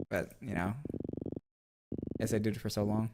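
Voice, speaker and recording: A man's voice: on the low side, normal speed, long pauses, background noise. A young man streaming and chatting casually, rambling and self-mocking with lots of fillers. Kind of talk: casual live-stream chat.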